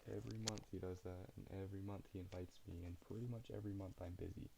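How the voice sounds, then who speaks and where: A tired young man from Utah, streaming late at night and chatting casually with viewers in a relaxed, rambling way. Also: low voice, fast, vocal fry, noisy background. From Utah, USA. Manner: relaxed, rambling, laughs often.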